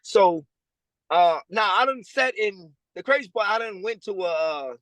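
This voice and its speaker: A fairly high-voiced man from tells his story in an interview, with loose, slangy speech. He jumps up in pitch to act out what other people said. The call has a dry, close sound. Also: measured pace, dry recording, low-quality recording. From Louisiana. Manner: animated storyteller, acting out quoted people in a higher voice; slangy and casual. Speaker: guest. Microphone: remote call over a weak connection.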